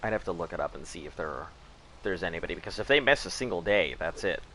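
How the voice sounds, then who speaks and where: A man's voice: sits low, lively intonation, fast talker, sharp tone, a little hiss or hum. A man hosting a game live stream, chatting casually and rambling, laughing at his own jokes. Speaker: gaming live-stream host.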